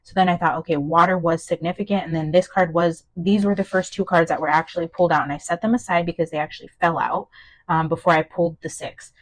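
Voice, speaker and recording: Chatty low-voiced woman doing a tarot reading. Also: fast talker, rough recording. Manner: chatty, self-doubting, excitable. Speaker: tarot reader and medium. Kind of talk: casual channeled-message reading.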